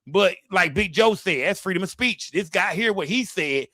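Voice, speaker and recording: Rowdy, bright-voiced man hosting a livestream. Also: sits high, animated, normal speed, no echo, clean studio sound. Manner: loud, rowdy, addresses chat directly. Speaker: livestream host. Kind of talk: profane live-stream commentary.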